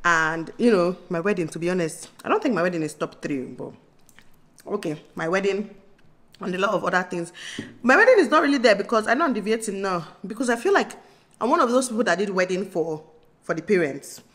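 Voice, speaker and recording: A woman in her thirties with a Nigerian accent, chatting excitedly to camera in a casual vlog, bubbly and laughing often. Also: medium pitch, fairly quick. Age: 30s. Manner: bubbly, laughing, breaks into squeals. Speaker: vlogger.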